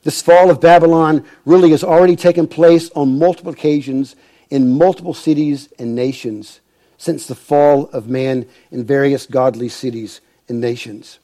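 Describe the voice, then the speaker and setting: A man's voice: fairly high pitch, steady tone, moderate pace, mellow. A male pastor reading scripture and preaching a sermon, stressing key words with emphasis.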